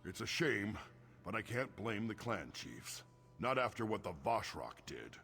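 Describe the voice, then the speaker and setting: An actor playing a grieving male orc temple priest in a video game, speaking in a solemn, measured way with a gravelly voice. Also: fairly low pitch, very animated, a bit bright, exaggerated voice. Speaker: game character.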